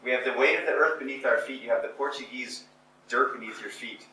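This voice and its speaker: A man giving a live motivational talk to an audience, emphatic and repetitive, building to forceful exhortation. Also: medium pitch, brisk. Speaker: motivational speaker. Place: indoor conference or seminar room. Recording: echoey room, voice picked up from a distance with faint noise.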